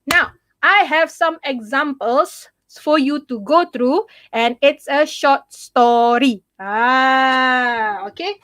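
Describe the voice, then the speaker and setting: A woman's voice: high-pitched, slow pace, a bit bright, no room sound, clean studio sound. A young Malaysian woman, a tutor in a live online English lesson, switching into Malay with many fillers.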